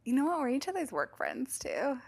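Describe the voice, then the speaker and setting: A young woman co-hosting a podcast, chatting casually and telling animated stories, with casual swearing. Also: high voice, brisk. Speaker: podcast co-host. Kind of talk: casual chat.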